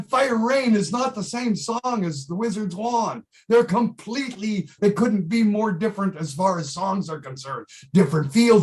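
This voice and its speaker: Emphatic middle-aged male musician, fairly high. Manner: emphatic, repeats himself, swears freely. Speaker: musician guest. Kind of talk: casual interview chat.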